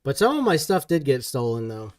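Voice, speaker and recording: A man hosting a livestream, chatting casually over a game in a relaxed way, often trailing off mid-thought. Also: medium pitch, fairly quick, dry recording, recorded from a distance. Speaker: livestream host.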